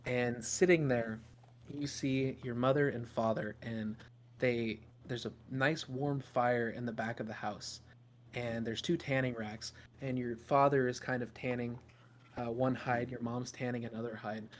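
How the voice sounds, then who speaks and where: Halting man narrating as game master. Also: mid-range voice, fairly even intonation, slight background noise. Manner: halting, full of ums and restarts. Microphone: podcast microphone.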